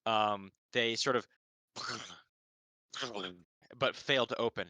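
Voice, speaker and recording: As dungeon master of a tabletop game streamed live from a home setup, a man narrates a fantasy scene in a bright, crisp, mid-range voice. He's slow, with long pauses, rambling through fillers, restarts and half-finished words as he describes the action, with no room sound.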